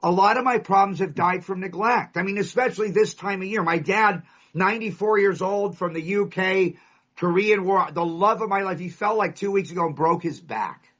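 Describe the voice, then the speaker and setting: A man's voice: high voice, normal speed, a bit bright. A man from California giving an emphatic, storytelling share at a recovery meeting, driving his points home with punchy lists. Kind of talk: recovery share to a live audience. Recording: dull lo-fi recording.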